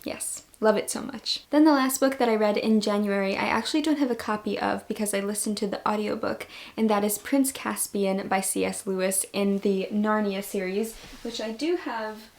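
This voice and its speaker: A woman's voice: medium pitch, steady tone, normal speed, few pauses. A young woman in a casual book review vlog, talking to her viewers with gushing enthusiasm about the books she loves. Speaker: book vlogger.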